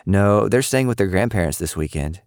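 A man voicing a patient, good-humored young mother who answers a child's questions calmly with dry humor. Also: low-pitched, moderate pace, dry recording. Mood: amused. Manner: calm, amused, deadpan humor.

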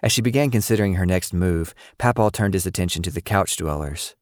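A man with a very low, deep voice reads a scripted audio story in a steady, even way. The recording is dry and close-miked, with no room echo. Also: brisk. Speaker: narrator.

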